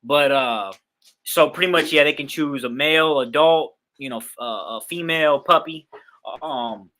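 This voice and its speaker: A man's voice: on the high side, moderate pace, sharp tone. A young man from Queens, New York, chatting casually on a livestream about a dog raffle, rambling with lots of fillers.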